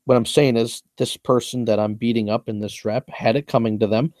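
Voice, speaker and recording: A young man talks through his own rap lyrics line by line, boasting and repeating himself as he explains each rhyme. His voice is warm and mellow, recorded close and dry. He speaks in a casual, meandering monologue. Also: mid-range voice, fairly even intonation, brisk, no echo. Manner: boastful, repetitive, explains at length.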